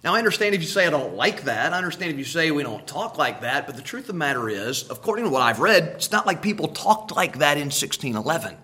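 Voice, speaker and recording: A man's voice: fairly high pitch, very animated, fast talker, few pauses, sharp tone. A man preaching a sermon, emphatic, repeating key words and asking rhetorical questions.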